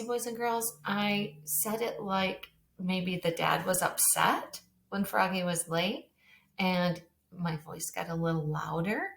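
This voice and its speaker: Patient woman teacher, lowish voice. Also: gravelly, fairly bright tone, slight background noise. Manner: patient, speaks directly to young children. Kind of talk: recorded reading lesson for children. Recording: roomy echo.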